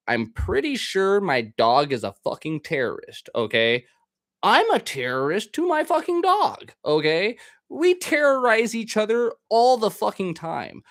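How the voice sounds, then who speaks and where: A man's voice: on the high side, no room sound, studio quality. A man, the host of a podcast, delivering a casual, rambling monologue full of swearing. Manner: profane, rambling, ranting.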